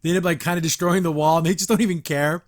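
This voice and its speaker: A man's voice: a little high, steady tone, very fast. A man hosting a casual episode review, rambling with lots of fillers and frequent laughs. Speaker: show reviewer and podcast host.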